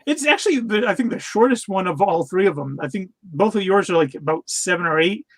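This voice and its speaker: A man's voice: high voice, animated, fairly quick, a bit bright. A man co-hosting a podcast, casually recapping a cartoon with lots of fillers, restarts and laughter. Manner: rambling with many fillers and restarts, laughs often. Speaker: podcast co-host. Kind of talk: casual chat reviewing cartoons.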